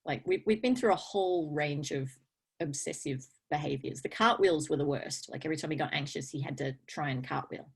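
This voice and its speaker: A woman in casual conversation as a guest, chatty and laughing often, with halting fillers. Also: low-pitched, gravelly, breathy edge.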